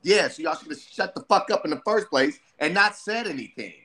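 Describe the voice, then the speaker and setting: Animated man telling stories. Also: sits high, a little fast. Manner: animated, acts out voices of himself and friends. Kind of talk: casual storytelling chat.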